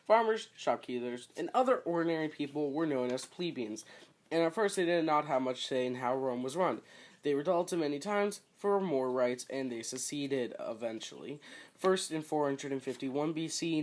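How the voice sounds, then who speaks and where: A man's voice: mid-range voice, darkish tone. A man reading a school report aloud, stumbling over words and slipping in joking asides.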